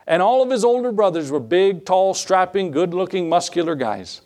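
A pastor delivers a sermon in a man's voice pitched a little above the usual. He talks to the congregation conversationally, throwing out rhetorical questions and acting out short exchanges as he goes. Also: animated, moderate pace, a little mellow. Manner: conversational preaching that acts out dialogues and asks rhetorical questions.

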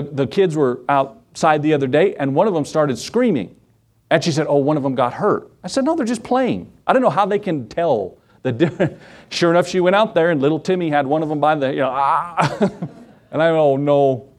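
A middle-aged pastor preaches in a lively, folksy way, his pitch swinging up and down as he acts out quotes. His voice sits a little on the high side for a man. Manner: animated storytelling with acted-out quotes; folksy, addresses the congregation directly. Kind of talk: sermon.

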